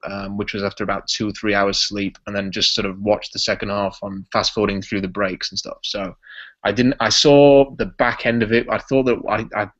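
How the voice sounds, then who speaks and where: A man from Yorkshire with a Yorkshire English accent, a podcast guest chatting casually in a relaxed, rambling way with lots of ums. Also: lowish voice, a little fast, muffled recording. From Yorkshire, England.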